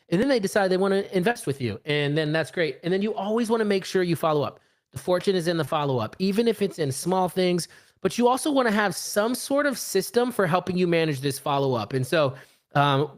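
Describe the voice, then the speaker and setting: A man in his late thirties giving a casual live-streamed business talk, acting out little dialogues as he goes. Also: on the high side. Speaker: real estate investor and speaker.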